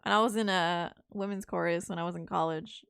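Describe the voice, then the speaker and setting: A woman's voice: fairly low pitch, fairly even intonation, brisk, creaky, a bit bright, clear, resonant tone, no echo, clean studio sound. A young woman chatting casually while she plays a game, rambling and swearing when she gets stuck. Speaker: streamer. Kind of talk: casual live-stream commentary while playing.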